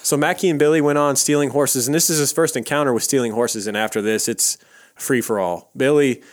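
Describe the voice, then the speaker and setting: A man's voice: mid-range voice, brisk. A man hosting a casual history podcast, telling the story in a rambling, profane way with frequent fillers. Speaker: podcast host.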